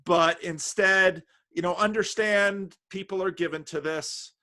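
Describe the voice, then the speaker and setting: Host, man from New Jersey, slightly higher pitch, halting delivery full of restarts, video-call audio. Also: fairly even intonation, bright, forceful tone. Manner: halting, many restarts and fillers. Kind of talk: casual conversation.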